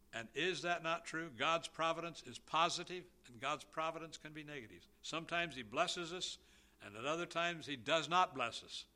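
A man preaching a sermon, slow and emphatic, with a volume that swells and drops. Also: medium pitch, sharp tone.

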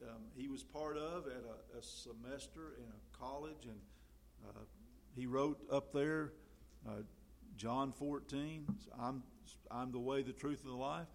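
A man preaching a sermon in a conversational way, full of fillers, getting louder when he quotes scripture. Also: medium pitch, a little hiss or hum.

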